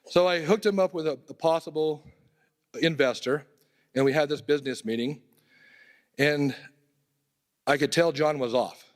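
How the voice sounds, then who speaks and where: A man's voice: on the high side, normal speed, long pauses. A man giving a eulogy at a memorial, telling casual, conversational personal stories. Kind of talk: storytelling eulogy. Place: temple hall.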